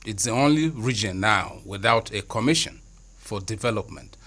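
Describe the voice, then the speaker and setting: Measured Nigerian journalist, lowish voice. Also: male voice, animated, fairly bright tone. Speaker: panelist, journalist. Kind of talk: studio panel discussion.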